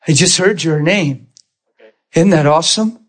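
A man preaching a sermon in a church, telling healing stories in an animated way and often crying out in excitement. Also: fairly high pitch, unhurried. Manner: animated, shouts and cries out in excitement. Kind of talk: sermon with testimony storytelling.

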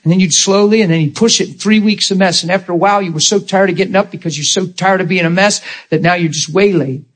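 A man preaches a sermon, his voice a touch high and husky. He talks in a folksy, storytelling way and slips into the voices of the people he describes. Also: fast talker.

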